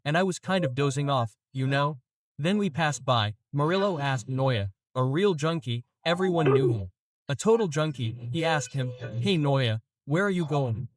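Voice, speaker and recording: A man's voice: fairly high pitch, expressive, moderate pace, no room sound, studio quality, far from the mic. A man, a police officer, telling casual stories from his work, tagging lines with "man" and "you know" and laughing at his own tales. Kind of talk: casual anecdotal storytelling.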